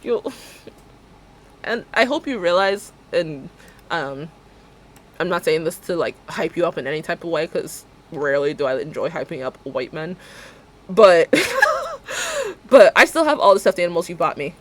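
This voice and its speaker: A woman's voice: lowish voice, expressive, normal speed, a little hiss or hum. A woman streamer chatting casually while she plays a game. She tells rambling stories and acts out both sides of each conversation. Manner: chatty and rambling, with frequent fillers and self-corrections.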